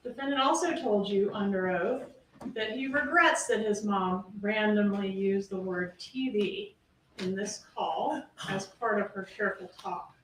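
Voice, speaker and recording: A woman's voice: mid-range voice, unhurried, a bit bright. Emphatic woman prosecutor in a courtroom. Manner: emphatic, rhetorical questioning. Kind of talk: closing argument to a jury. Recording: roomy courtroom audio from a distance, faint hiss.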